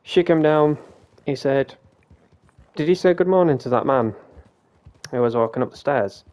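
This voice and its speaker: A man's voice: a little high, normal speed, darkish tone. A British man streaming a game, telling a rambling story in a casual way, with frequent restarts and some swearing.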